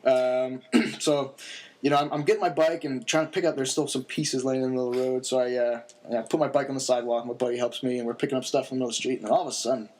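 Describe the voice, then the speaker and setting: A man's voice: mid-range voice, fairly even intonation, fast, a little mellow. A young man casually telling a long story on a podcast, laid-back and rambling, with many fillers and chuckles.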